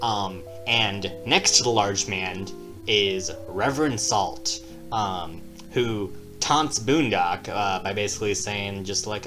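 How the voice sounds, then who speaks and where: A man's voice: lowish voice, slow pace, a bit bright, soft background music. A man co-hosting a tabletop game podcast, telling stories in loose casual chat, laughing often and swearing freely. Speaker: podcast co-host and game master.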